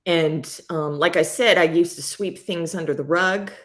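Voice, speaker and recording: Candid, cursing woman host, low voice. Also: measured pace. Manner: candid and rambling, swears freely. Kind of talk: casual live chat.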